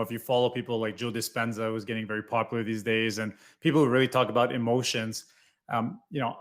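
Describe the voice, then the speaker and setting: A man in his forties, a podcast guest talking in an earnest, emphatic, reflective way. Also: mid-range voice. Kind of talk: podcast conversation.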